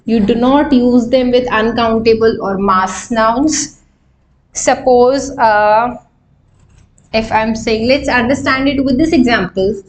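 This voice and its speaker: She teaches grammar live online, a young woman with an Indian English accent who explains slowly and asks rhetorical questions of the class. Her pitch is fairly high, her tone steady, and a little hiss or hum is audible.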